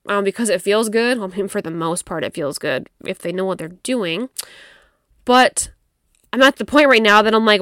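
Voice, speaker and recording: A woman's voice: fairly high pitch, animated, brisk, a bit bright, clean tone, no room sound, studio quality. Young woman, frank and profane. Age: young adult. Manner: candid and profane, laughing, drinking wine. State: tired, yawning. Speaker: podcast host. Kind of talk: casual frank chat.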